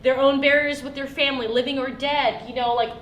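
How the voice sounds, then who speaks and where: A woman performer answering audience questions after her show, telling lively stories and acting out her family's lines. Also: high voice, brisk. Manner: animated, acts out family quotes, laughs often. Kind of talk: storytelling in a post-show talkback. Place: theater, live audience. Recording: echoey hall, faint noise.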